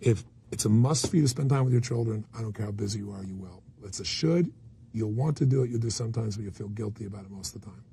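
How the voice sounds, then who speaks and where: A man's voice: fast talker, mellow. A man speaking as a motivational speaker in a candid interview, telling stories bluntly and emphatically. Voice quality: deep gravelly raspy voice. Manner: blunt, emphatic storyteller with occasional swearing.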